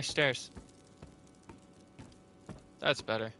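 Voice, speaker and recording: A man's voice: medium pitch, moderate pace, pauses often, sharp tone, slight background noise. A man giving sarcastic, swear-filled commentary on a horror game as he plays, talking to himself and putting on a half-hearted accent. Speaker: let's play gamer. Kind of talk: casual gameplay commentary.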